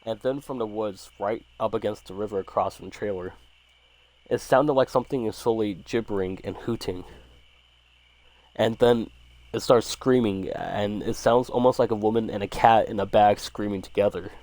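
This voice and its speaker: A man's voice: lowish voice, normal speed, darkish tone. A man casually reading a horror story aloud, swearing freely and stumbling over words now and then. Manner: casual, profanity-laced, stumbles and restarts.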